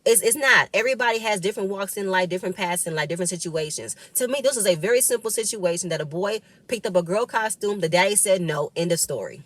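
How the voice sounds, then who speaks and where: A woman recaps a reality episode in loose, emphatic chat. She repeats her words for stress and speaks at a mid pitch. Her voice sits close and dry, with no room echo. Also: fast talker, few pauses, fairly bright tone. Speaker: reality show cast member recapping an episode.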